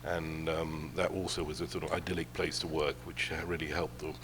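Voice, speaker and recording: Older man with a very deep, halting voice. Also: flat delivery, background noise. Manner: halting, measured, with many fillers. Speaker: film producer. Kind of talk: panel discussion answers. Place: film festival panel stage.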